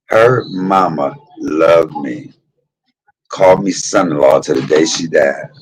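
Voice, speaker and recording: A man hosting his own show, telling a personal story in an animated, profane way and talking straight to his listeners. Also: very deep voice, slow, low-quality recording. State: emotional, tearful at times. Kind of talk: candid storytelling monologue.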